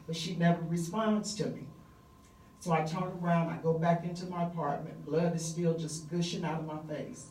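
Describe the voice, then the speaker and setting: A middle-aged woman telling a personal story live on stage, vivid and conversational with frequent pauses and fillers. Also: low-pitched, fairly even intonation, dark tone, reverberant, recorded from a distance, a little hiss or hum, poor audio.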